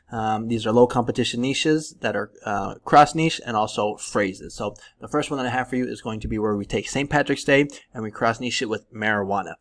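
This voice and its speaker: A man from California with a lowish, gravelly voice, walking through a screen-share tutorial. He talks in a relaxed, chatty way, filling pauses with ums and likes. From Northern California. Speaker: YouTube print-on-demand tutor.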